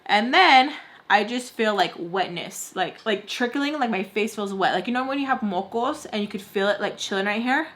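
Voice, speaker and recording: Doing her makeup on camera, a young female beauty vlogger tells a rambling storytime at a normal speed in a mid-range voice. Her animated retelling is thick with "like" fillers and sprinkled with Spanish words.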